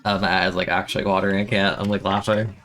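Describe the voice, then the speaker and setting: A young man streaming a game, complaining in an exasperated, self-mocking way, with sudden high-pitched outbursts. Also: little pitch movement, quick pace, fairly bright tone, faint music behind. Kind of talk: casual live-stream commentary.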